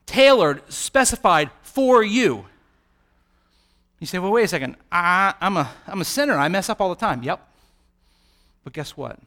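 A man preaching a sermon, rising to loud peaks and dropping to quiet, hushed lines, sometimes acting out the voices he quotes. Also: sits high. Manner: dramatic swings from soft to loud.

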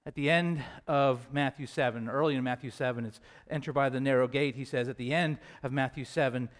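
A man as pastor preaching a sermon in a church, earnest, swelling louder when he quotes scripture. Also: medium pitch, steady tone, brisk.

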